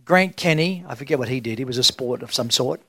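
A man's voice: medium pitch, quick pace, bright, forceful tone, no echo. A middle-aged man preaching a sermon as senior pastor, emphatic and drawn out, asking the crowd rhetorical questions. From Australia.

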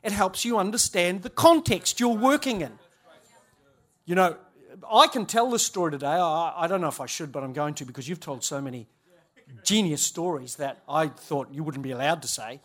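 A man's voice: on the high side, lively intonation, moderate pace. A man, a church leader giving a humorous storytelling talk at a conference, chatty and self-interrupting, laughing at his own stories.

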